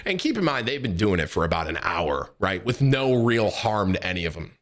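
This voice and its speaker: A young man telling a story to his stream chat, animated and profane, jumping into a raised voice to act out quotes. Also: deep voice, fairly quick.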